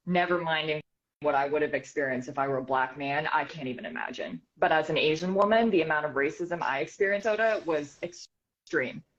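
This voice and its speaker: Animated woman telling a story, muffled sound. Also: low voice. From United States. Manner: animated, quick retelling full of "like" fillers. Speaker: news reporter and author, interview guest. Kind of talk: casual storytelling in an interview. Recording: slightly dull, muffled sound.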